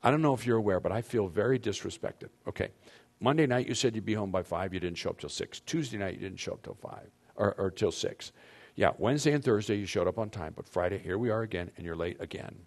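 A man's voice: sits low, fast talker. A man leading a marriage seminar for couples, speaking emphatically and addressing the audience directly on a handheld microphone. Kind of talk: teaching talk to couples.

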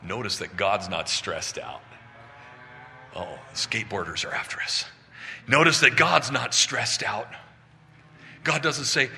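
A man's voice: lowish voice, sing-song, slow pace, pauses often, pushed and bright, in a large hall. A man preaching outdoors, retelling a Bible scene with dramatic storytelling and big swings in volume. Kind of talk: sermon, Bible teaching.

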